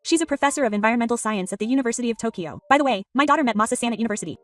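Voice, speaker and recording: A woman narrating a story in a plain, even reading voice. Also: a little high, racing. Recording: distant voice over soft background music.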